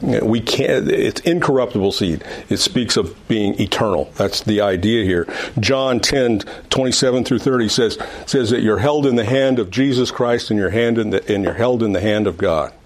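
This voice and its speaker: A man's voice: fairly low pitch, normal speed, hardly any pauses. A man teaching an adult Sunday school class, reading scripture and explaining it with emphatic repetition and frequent restarts. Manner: emphatic, repeats words and restarts often. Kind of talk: Bible teaching.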